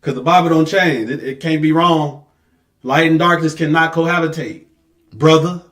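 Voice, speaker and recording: High-pitched preacher guy, chatty but hammering his point, reads out bible verses. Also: fairly even intonation, moderate pace, a bit bright. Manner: conversational, emphatic, mocks excuses in lowered voice. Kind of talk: street-level sermon with scripture reading.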